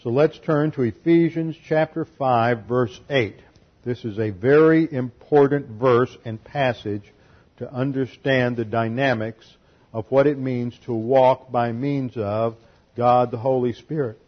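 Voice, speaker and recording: A man's voice: medium pitch, measured pace, dull audio. A man preaching an expository sermon, teaching methodically through numbered points and scripture. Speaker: pastor.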